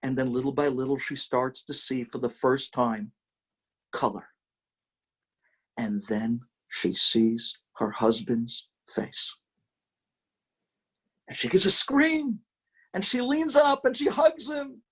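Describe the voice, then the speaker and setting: A man's voice: medium pitch, big pitch swings, slow, long pauses, breathy edge. A man, a rabbi, telling a story in a sermon with dramatic emphasis.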